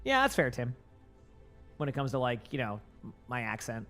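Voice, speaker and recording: A man's voice: mid-range voice, wildly swooping pitch, normal speed, pushed and bright, faint music behind. A young man with a light Boston accent, a gaming streamer chatting casually with his viewers, rambling with lots of fillers and restarts. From Boston area.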